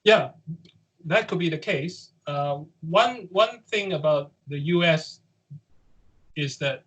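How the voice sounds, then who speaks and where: A man from the UK, a guest on an interview, speaking in a measured way and hedging with qualifiers and fillers. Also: fairly high pitch, a bit bright, rough recording. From United Kingdom. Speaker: guest, head of a survivor support group.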